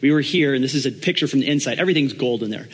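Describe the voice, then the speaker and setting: A man's voice: mid-range voice, lively intonation, rapid-fire, husky, long reverb tail. A man preaching a sermon as pastor, talking in a conversational, joking way with the congregation.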